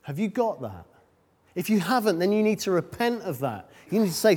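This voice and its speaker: A man's voice: sits high, very animated, brisk, a little mellow. A man preaching a sermon in a conversational way, with self-deprecating asides and frequent ums. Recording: long reverb of a large hall.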